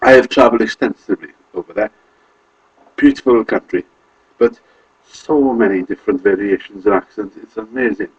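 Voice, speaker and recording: A man's voice: fairly low pitch, expressive, moderate pace, husky, dull audio. A man from Wales with a Carmarthenshire accent, talking casually to camera in a rambling, self-correcting way. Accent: Welsh, Carmarthenshire. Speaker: vlogger.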